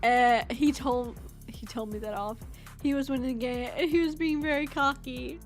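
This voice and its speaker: A woman's voice: high voice, fairly even intonation, moderate pace, faint music behind. A young woman streamer reading online stories aloud and chatting casually with her viewers. She is laid-back, swears freely and talks while eating snacks.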